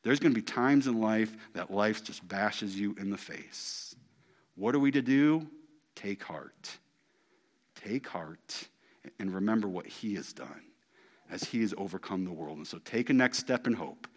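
A middle-aged male pastor preaching a sermon, animated and emphatic. He repeats key phrases and swings from loud to hushed. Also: lowish voice, moderate pace.

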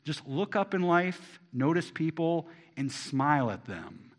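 A man preaching a sermon to a congregation, asking them rhetorical questions and swinging between loud emphasis and quiet asides. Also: a little high, very animated, unhurried. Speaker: pastor.

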